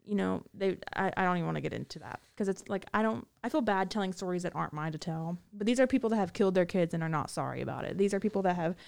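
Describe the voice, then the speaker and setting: Creaky-voiced woman telling prison stories. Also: lowish voice, animated, very fast, few pauses, a little mellow. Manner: rambling, many fillers and restarts. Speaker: guest recounting prison time. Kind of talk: casual storytelling.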